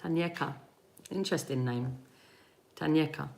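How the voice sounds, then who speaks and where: A woman giving tarot readings on a live stream, chatting gently with viewers and softly repeating their names as she tunes in. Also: low voice, creaky, a little hiss or hum. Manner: slow, soothing, repeats names while tuning in. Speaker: tarot reader.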